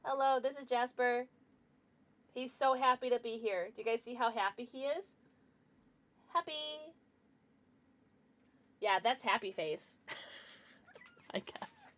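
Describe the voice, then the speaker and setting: A woman livestreaming a game from home, chatting excitedly with her viewers and cooing at her pets. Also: fairly high pitch, slow pace, pauses often. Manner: bubbly and excitable, greets chat; talks baby talk to her pets. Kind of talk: casual livestream chat while gaming.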